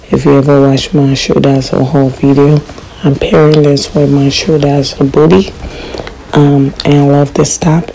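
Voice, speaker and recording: A woman vlogger calmly narrating a voice-over about her outfits, with "um"s between the items. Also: very deep voice, slight background noise, poor audio. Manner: unhurried, describing clothes with fillers. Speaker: lifestyle vlogger.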